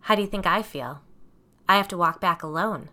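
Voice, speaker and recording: A woman voicing a cheeky young girl who tells dark jokes with impish delight in an audiobook. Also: on the low side, a little fast.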